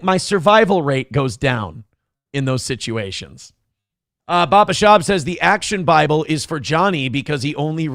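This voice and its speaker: A man's voice: on the high side, vocal fry, a bit bright, no room sound, studio quality. A man hosting a morning livestream show in casual, profane, jokey chat, reading out viewer comments.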